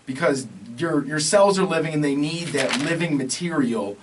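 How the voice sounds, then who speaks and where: A man's voice: on the high side, moderate pace, slight background noise. Rambling, emphatic man co-hosting, distant. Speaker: podcast co-host. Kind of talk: casual podcast chat.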